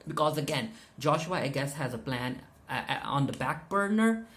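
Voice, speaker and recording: A man talks through a TV episode recap at an ordinary pitch for his voice. He retells the scenes loosely, sums up what each character says, and stops now and then to restart a sentence. It sounds unscripted, like a casual review. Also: lively intonation, normal speed, fairly bright tone. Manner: hesitant, frequent fillers and restarts. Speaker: TV show reviewer.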